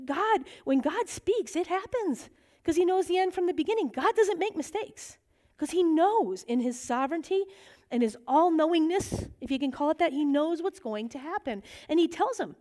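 A middle-aged woman teaching a bible study, lively and animated, acting out the voices in the stories she tells. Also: sits high, normal speed. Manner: animated, acts out quoted voices.

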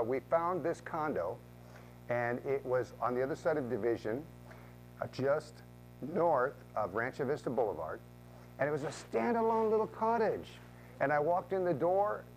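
A middle-aged man giving a motivational talk as a real estate speaker, telling stories with lively back-and-forth dialogue. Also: mid-range voice, a little hiss or hum, low-quality recording. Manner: animated, acts out both sides of conversations.

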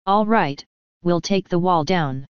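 Brief: woman doing a tired, exasperated male technician, smooth and low. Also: takes it slowly, no echo. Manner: weary, exasperated, officious. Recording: slightly dull, lo-fi.

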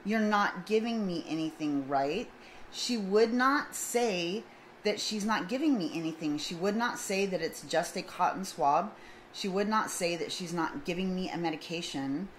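Animated woman retelling a story. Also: fairly low pitch, normal speed, rough recording. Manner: animated, acts out both sides of a dialogue. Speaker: vlogger. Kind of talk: casual storytelling. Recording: faint background noise.

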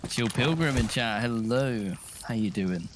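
A man's voice: mid-range voice, unhurried, a little hiss or hum. A man co-hosting a live game stream who greets viewers in short, easygoing remarks. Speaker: streamer co-host. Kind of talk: casual live-stream chat.

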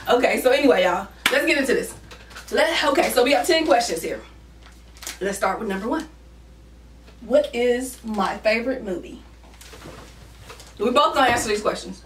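A woman's voice: on the high side, lively intonation, normal speed, long pauses, background noise. A woman co-hosting a couple's vlog, chatting casually and teasing her partner while talking to the viewers. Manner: playful, teasing, talks to viewers as y'all. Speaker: co-host of a couple's channel. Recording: echoey room, mic at a distance.

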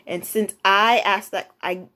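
A young woman talks straight to her audience in a loose, rambling way. She keeps restarting her sentences, and her pitch jumps up whenever she gets excited. Her voice sits in a middle range. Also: measured pace. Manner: rambling, many restarts and quoted asides. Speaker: vlogger. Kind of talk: casual storytelling monologue.

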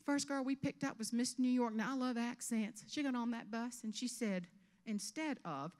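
A woman in her fifties from South Carolina with a Southern US accent, giving a humorous keynote speech on stage with animated storytelling. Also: on the high side, normal speed, long reverb tail, slight background noise. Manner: animated storytelling with character voices. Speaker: motivational speaker. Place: event stage before an audience.

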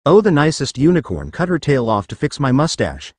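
Brief: flamboyant, rambling male sea serpent for a storybook, put on by a male reader, lifted pitch, lively swoops. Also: brisk, breathy edge, no room sound, full character voice. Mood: gushing.

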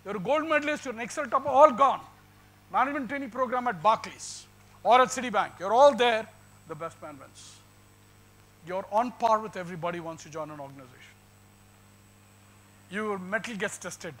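Brief: middle-aged Indian English man, high bright voice, punchy motivational speaker with rhetorical questions. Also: expressive, fairly quick, rough recording. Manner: emphatic, rhetorical questions, switches into Hindi. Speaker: guest speaker. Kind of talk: motivational talk to students. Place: lecture hall.

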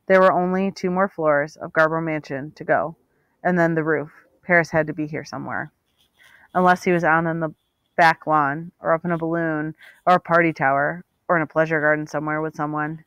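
Expressive woman reading a novel aloud. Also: low-pitched, a little fast, clear, resonant tone, no echo. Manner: steady, expressive storytelling. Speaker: audiobook reader. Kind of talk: audiobook narration.

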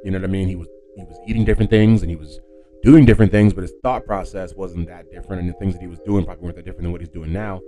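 A man's voice: sits low, steady tone, rapid-fire, mellow, soft background music. A man hosting a solo podcast, talking casually in a rambling way with lots of fillers and self-corrections. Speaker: podcast host.

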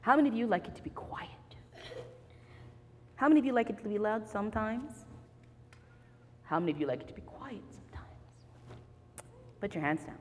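A woman telling a children's story to a live audience, playful and animated, getting the kids to join in. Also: medium pitch, brisk, pauses often, big-room sound, a little hiss or hum.

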